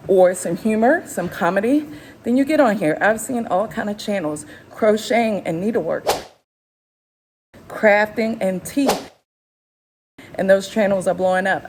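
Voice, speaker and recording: A woman's voice: mid-range voice, a little hiss or hum, poor audio. Winded encouraging woman in her fifties. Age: 50s. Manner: encouraging, preachy, emphatic. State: slightly out of breath. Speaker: YouTube channel host. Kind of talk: unscripted motivational vlog. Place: gym, walking on a treadmill incline.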